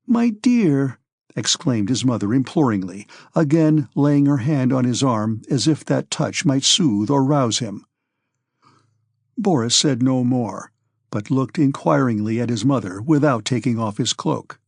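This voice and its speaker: A man narrates a classic novel in a measured, steady manner, his voice sitting in an ordinary middle pitch. The recording is close and dry, with no room sound around it. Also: breathy edge, no echo. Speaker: audiobook narrator. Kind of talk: scripted narration.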